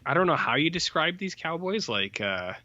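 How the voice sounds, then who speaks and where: A man's voice: fairly high pitch, normal speed, dry recording, highs cut off. A man co-hosting a podcast, reviewing a film in casual, rambling chat with lots of fillers and mocking put-on voices. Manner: rambling, animated, full of fillers, mocks characters in put-on voices. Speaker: podcast co-host.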